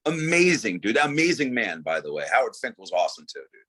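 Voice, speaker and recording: Man, middle-aged, husky voice, laid-back, casual interview guest. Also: mid-range voice, sing-song, a little fast, a bit bright. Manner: laid-back, says "dude" and "you know" a lot. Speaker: guest, former wrestler.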